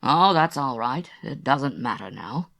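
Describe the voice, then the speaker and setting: A man voicing a hurt, bitter young male stage actor who is quiet and withdrawn in an audiobook reading. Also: medium pitch, expressive, measured pace, gravelly, heavily acted. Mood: subdued. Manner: quiet and withdrawn, then lashing out.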